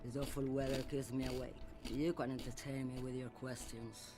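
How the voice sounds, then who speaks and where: A sardonic smoker. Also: female voice, a bass voice, level tone, normal speed, music in the background. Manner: dry, sardonic. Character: sardonic smoking woman, world-weary. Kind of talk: video game voice acting.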